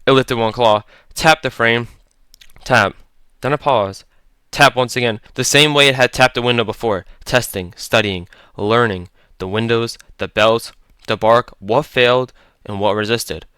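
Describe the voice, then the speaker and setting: A man's voice: medium pitch, measured pace, bright, forceful tone, clean tone, no room sound. A man narrating a horror story in a tense, clipped, dramatic way.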